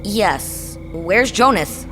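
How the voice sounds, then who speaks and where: A woman's voice: medium pitch, expressive, extremely slow. A performer voicing a determined, anxious young boy in an audio drama, talking earnestly. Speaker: lead character. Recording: score music under the voice.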